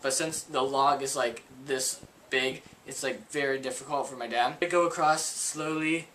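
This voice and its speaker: A man's voice: mid-range voice, steady tone, moderate pace, a bit bright, a little hiss or hum, rough recording. A young man vlogging a childhood story to camera, rambling and full of "like" and "um.". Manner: rambling, filler-heavy with frequent "like".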